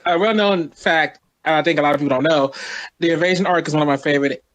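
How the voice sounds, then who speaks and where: An enthusiastic man shares his favorite wrestling memories in a casual chat, stumbling over fillers as he goes. His voice sits a bit above average in pitch. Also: quick pace, a bit bright. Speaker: co-host.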